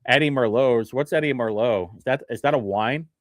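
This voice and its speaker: A male livestream host who reads bill text aloud and mocks it in casual commentary, chuckling often, with big swings in pitch. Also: normal speed, no room sound, clean studio sound. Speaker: livestream host reviewing state bills.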